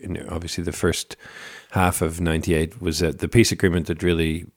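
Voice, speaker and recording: A man interviewing a guest, halting and searching for words with many fillers. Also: sits low, little pitch movement, no room sound, clean studio sound. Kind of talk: conversational interview.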